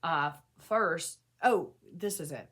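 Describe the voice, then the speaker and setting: A woman's voice: sits low, lively intonation, slow, fairly bright tone, husky. A woman vlogger talking candidly to camera about her own experiences, earnest and self-deprecating, often restarting sentences and adding asides. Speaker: mental health vlogger sharing personal experience. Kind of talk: candid casual talk to camera.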